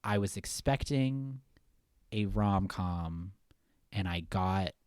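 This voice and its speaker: A young man with a fairly low voice talks loosely about a movie, filling his sentences with "like" and "um." He sounds close to the mic in a dry, deadened space. The tone is casual podcast chat. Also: slow, dry recording. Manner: relaxed, rambling, lots of fillers. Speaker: podcast co-host.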